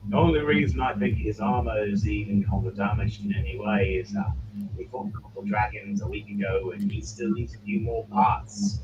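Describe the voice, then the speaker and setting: A man voicing a gruff, matter-of-fact male dwarf warrior in a low, flat tone. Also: moderate pace, natural voice. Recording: muffled distant mic with background noise.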